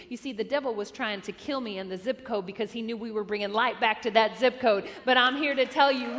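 A woman's voice: on the high side, a little fast, hardly any pauses, fairly bright tone, long reverb tail, a little hiss or hum. A woman pastor giving a sermon, telling her own story and building to impassioned preaching.

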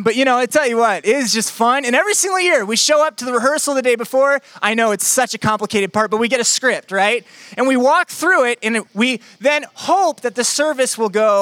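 Young pastor, jokey animated sermon storytelling, dry close sound. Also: male voice, very high voice, no echo.

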